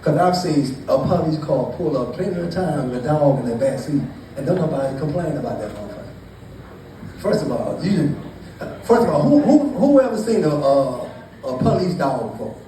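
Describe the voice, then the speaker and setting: A man's voice: fairly high pitch, animated, moderate pace, dark tone. A man doing stand-up storytelling to a live crowd, loose and profane, teasing the audience. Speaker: stand-up comedian. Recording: echoey, distant mic with noise.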